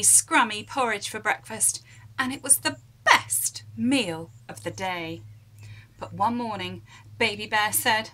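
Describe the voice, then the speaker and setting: A woman reading a children's story aloud, expressive and dropping at times to a whisper. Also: mid-range voice, slow, poor audio.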